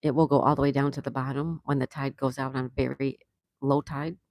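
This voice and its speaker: A woman's voice: extremely low pitch, level tone, a little fast, darkish tone, no room sound. A woman hosting a casual live stream, chatting and laughing as she greets viewers and answers their comments. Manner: laughs often. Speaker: livestream host. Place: home in Florida.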